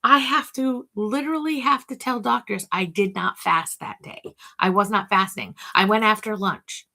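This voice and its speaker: A woman's voice: mid-range voice, moderate pace, vocal fry, sharp tone. A middle-aged woman hosting a casual talk to camera, chatty and thinking aloud, talking to herself by name. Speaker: host.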